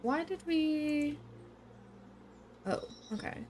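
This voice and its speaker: A woman's voice: high-pitched, animated, very slow, darkish tone, a little hiss or hum. A woman streamer chatting casually as she plays a game, thinking aloud in an amused, chatty way.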